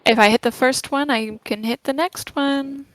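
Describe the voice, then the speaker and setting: A woman taking part as a player in a tabletop game, talking through her moves in a deliberate way. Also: high-pitched, fairly even intonation, dry recording, low-quality recording.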